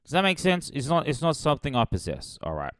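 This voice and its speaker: A man hosting a comedy podcast, rambling through a sarcastic movie pitch in a deadpan way, with sudden loud jumps. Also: quick pace, dry recording, studio quality.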